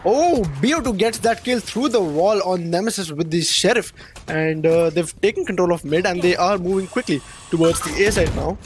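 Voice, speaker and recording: A man doing play-by-play commentary on an esports match, getting excited and loud on big plays. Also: high-pitched, moderate pace, slight background noise. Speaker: esports caster.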